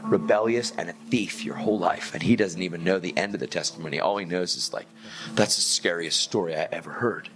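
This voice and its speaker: A man giving a casual faith testimony, telling it as a relaxed, slangy story full of "like", "man" and "dude". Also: low voice, fairly quick. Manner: laid-back slangy talk with "like", "man" and "dude". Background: music.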